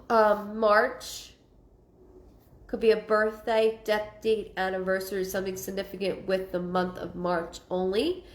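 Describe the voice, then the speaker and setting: A woman's voice: medium pitch, flat delivery, unhurried, reverberant. A woman giving a live psychic reading, rambling and repeating herself with many ums. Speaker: psychic medium.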